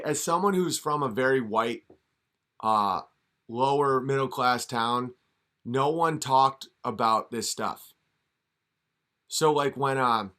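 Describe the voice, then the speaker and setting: A man's voice: medium pitch, sharp tone. A man ranting and mocking in a commentary video, often slipping into sarcastic impressions.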